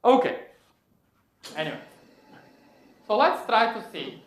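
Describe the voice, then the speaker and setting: A man's voice: high voice, very animated, takes it slowly, a bit bright, slight background noise. A man giving a technical physics lecture, explaining step by step and correcting himself as he goes. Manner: thinks aloud, self-correcting, explanatory. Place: lecture hall. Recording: echoey lecture room.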